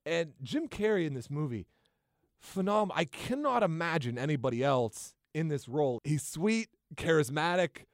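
A man's voice: on the high side, animated, normal speed, dry recording, clean studio sound. A man co-hosting a podcast, chatting casually and enthusiastically about movies with frequent restarts. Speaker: podcast co-host.

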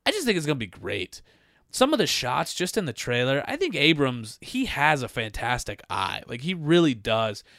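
A man's voice: mid-range voice, sing-song, normal speed, fairly bright tone, no echo, studio quality. A man co-hosting a casual movie trailer podcast, ranting with profane exasperation. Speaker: podcast co-host.

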